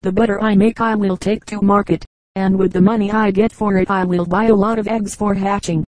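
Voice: medium pitch, steady tone, brisk, no room sound, natural voice, low-quality recording. Vain daydreaming milkmaid, reader doing the voice, fable audiobook, dry sound. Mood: dreamy. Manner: dreamy musing.

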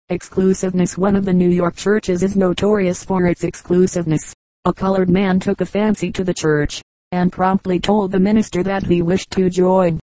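A woman's voice: fairly low pitch, normal speed, dry recording, rough recording. A woman narrating an audiobook of short humorous anecdotes, reading evenly and lightly voicing the quoted lines. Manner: even storytelling read, voicing quoted lines.

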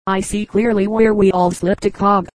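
A woman's voice: medium pitch, level tone, moderate pace, no echo, lightly acted, low-quality recording. A woman voicing a patient, reasonable male commercial traveler in an audiobook.

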